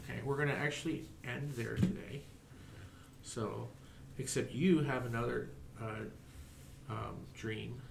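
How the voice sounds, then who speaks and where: A man narrating a tabletop game as game master, halting with many fillers. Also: mid-range voice, steady tone, creaky, echoey room, a little hiss or hum.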